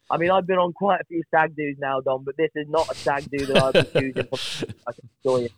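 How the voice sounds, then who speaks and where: A man's voice: fairly high pitch, fairly even intonation, fast talker, hardly any pauses, no room sound. A man, a podcast guest, telling chatty, self-deprecating stories with lots of restarts. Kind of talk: casual storytelling on a podcast. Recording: tinny phone-like line, dry.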